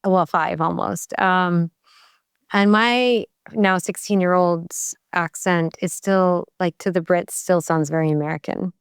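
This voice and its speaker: A woman co-hosting a podcast, chatting in a lively, emphatic way and laughing easily. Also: fairly low pitch, measured pace, clean tone, no room sound, studio quality. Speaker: podcast co-host. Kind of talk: casual chat.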